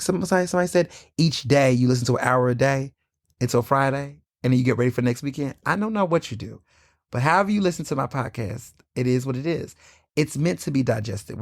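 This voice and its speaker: A sassy man hosts a solo podcast and speaks somewhat high for a man. His delivery is candid and swings in pitch, with free swearing. The sound is close and dry, with no room around it. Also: vocal fry, no room sound. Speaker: podcast host.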